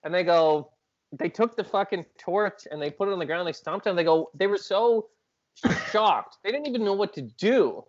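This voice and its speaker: A man guest on a podcast, telling stories in a casual chat, animated and self-mocking. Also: sits high, moderate pace, dull audio.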